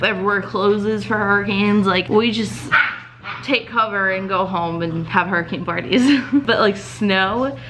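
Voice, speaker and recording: A woman's voice: medium pitch, fairly even intonation, unhurried, heavy background noise. A young woman from Louisiana, chatting in a bubbly, giggly way to her vlog camera at home. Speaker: vlogger. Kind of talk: casual vlog chat.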